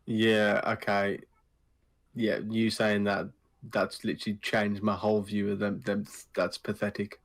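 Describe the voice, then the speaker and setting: Blunt man, lowish voice. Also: little pitch movement, unhurried. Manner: blunt, casual slang. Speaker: podcast co-host. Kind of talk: casual football chat.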